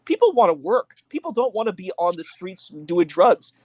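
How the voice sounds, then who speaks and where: Earnest male guest, a touch high, dry close recording. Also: big pitch swings, moderate pace, no echo. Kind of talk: casual debate chat.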